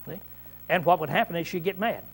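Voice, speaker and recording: A man preaching a conversational Bible-study sermon, often clearing his throat and checking in with "see?" as he repeats and restarts phrases. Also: a little high, brisk, a little hiss or hum. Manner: repetitive, restarts mid-phrase.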